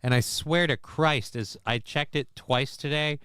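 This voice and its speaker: A man's voice: a little high, a little slow, a bit bright, clean tone, dry recording, clean studio sound. A man hosting a casual livestream, rambling, cursing and making sarcastic asides while reading chat messages. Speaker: livestream host.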